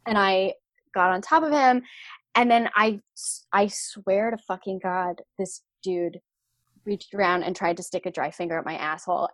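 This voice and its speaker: A young adult woman telling a candid personal story, animated and frank, laughing and swearing as she goes. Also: mid-range voice, a little slow, dry recording, clean studio sound.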